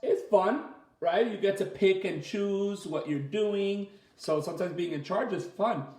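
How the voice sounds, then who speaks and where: A man, a martial arts instructor, reading a picture book aloud to children in a gentle, expressive way and asking them questions as he goes. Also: high-pitched, a little slow. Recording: echoey room, far from the mic.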